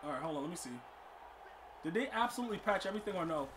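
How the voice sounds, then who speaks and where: A man streaming a football video game, commenting live and talking to his chat, often exasperated and breaking into loud outbursts. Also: high voice, expressive, very fast, background noise. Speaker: gaming streamer.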